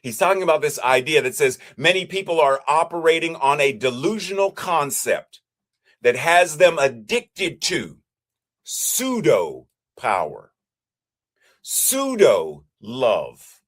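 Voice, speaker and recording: A man preaching as a minister, with a measured, repetitive cadence. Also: on the high side, very animated, fairly bright tone. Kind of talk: sermon.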